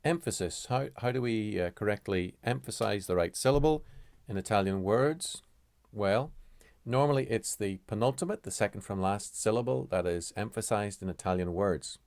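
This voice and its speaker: A man teaching pronunciation in a deliberate, measured way, often pausing to correct himself. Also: fairly low pitch, a little mellow, no echo. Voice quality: halting, with frequent fillers and self-corrections. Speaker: language teacher. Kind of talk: explaining pronunciation rules.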